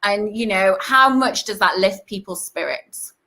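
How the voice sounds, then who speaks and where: A woman's voice: mid-range voice, unhurried, sharp tone. A British woman in a casual live chat, talking chattily with lots of fillers. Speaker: panel member.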